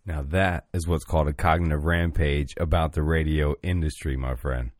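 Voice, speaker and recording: A man's voice: extremely low pitch, fairly even intonation, normal speed, no room sound, clean studio sound. A man hosting a casual podcast chat, laid-back, joking and swearing freely. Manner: laid-back, profane, jokey.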